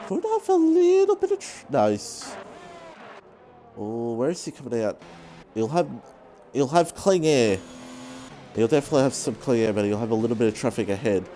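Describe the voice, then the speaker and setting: Male esports race caller, lively swooping pitch, excitable with self-mocking asides, faint game car noise underneath. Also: normal speed, pauses often. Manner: excitable, voice jumps high in close battles. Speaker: race commentator. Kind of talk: sim racing commentary.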